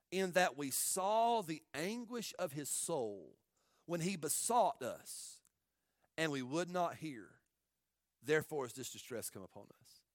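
A man preaching as a pastor, an impassioned sermon that swings from hushed asides to near shouts. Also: fairly high pitch, dry recording, studio quality.

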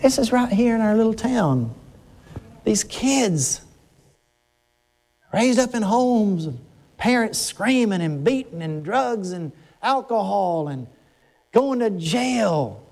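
Older pastor, man, fairly high voice, emotional sermon delivery with frequent restarts. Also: big pitch swings, takes it slowly, pauses often, a little mellow. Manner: emotional, rising pitch when stirred, frequent restarts.

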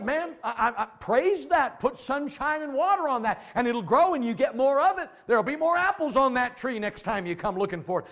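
A man preaching a sermon as pastor, folksy and plain-spoken, who acts out the voices of the people he talks about. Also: very high voice. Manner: animated, acts out quoted voices.

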